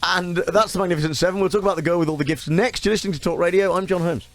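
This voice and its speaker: A man hosting a radio show, teasing his guest with quick, playful banter. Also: high voice, steady tone, music in the background. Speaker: radio host. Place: radio studio.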